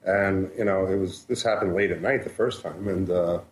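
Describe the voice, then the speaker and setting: A man co-hosting a radio talk show, telling a story with animated delivery and chuckles. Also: sits low, normal speed. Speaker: radio co-host. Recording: echoey studio with faint hiss.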